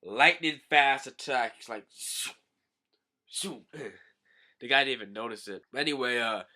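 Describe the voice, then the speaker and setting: A young man casually recaps a comic chapter, rambling and filling gaps with "uh" and "like". His voice has a very bright, sharp edge and sits at a middle pitch. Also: normal speed. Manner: rambling, with many fillers. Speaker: manga reviewer.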